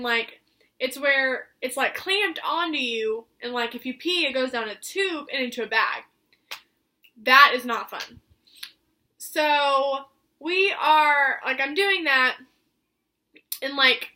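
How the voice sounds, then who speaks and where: A woman's voice: high-pitched, bright, forceful tone. A woman vlogger telling a personal story in a chatty way, filling her talk with "like". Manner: chatty, heavy use of "like" fillers.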